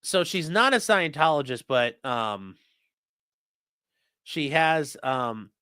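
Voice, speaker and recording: A young man chatting on a live stream, rambling and swearing as he reacts to chat. His voice is bright and lively, swinging up and down in pitch. The sound is close and dry at a desk mic. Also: slow pace, clear, resonant tone, no echo. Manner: rambling, profane, reads chat aloud. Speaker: streamer and trial lawyer.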